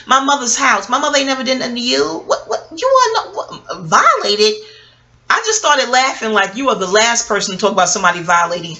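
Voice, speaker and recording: A middle-aged woman spins a story straight to camera in a casual, profane monologue. Her voice has a gravelly fry under a bright, forceful edge. She talks in an animated, wisecracking way. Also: on the high side, fairly quick. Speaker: vlogger.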